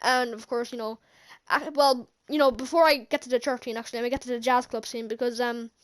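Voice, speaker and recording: Brisk and a little high, this woman's voice stays fairly even as she recaps a film. As a movie reviewer, she wanders casually through the plot, giggling a lot and starting her sentences over again and again.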